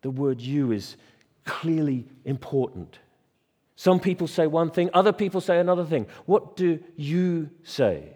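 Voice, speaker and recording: A man's voice: fairly high pitch, animated, warm tone, husky, in a large hall. A man preaching a sermon in a church, stressing key words and asking repeated rhetorical questions. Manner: emphatic, with dramatic pauses and repeated rhetorical questions.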